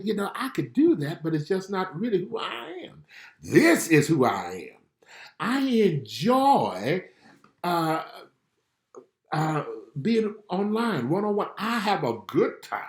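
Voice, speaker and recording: A middle-aged man working as a spiritual life coach, gently praying and encouraging viewers on a live online stream. He talks in a conversational way, carefully enunciating his words like a former radio announcer. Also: sits high, huge pitch swings, takes it slowly, long pauses, reverberant. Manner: gentle, conversational, reads viewer comments aloud.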